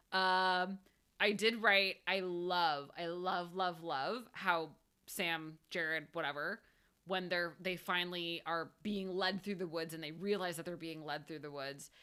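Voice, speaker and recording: A young woman co-hosting a casual podcast chat, playful and giggly, quick to agree. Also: lowish voice, steady tone, bright, forceful tone, clear, resonant tone. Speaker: podcast co-host.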